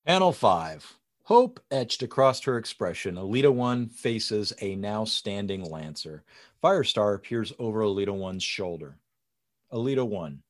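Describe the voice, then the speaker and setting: A man reading comic script panel descriptions aloud in a lively way. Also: on the low side, unhurried. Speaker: script reader.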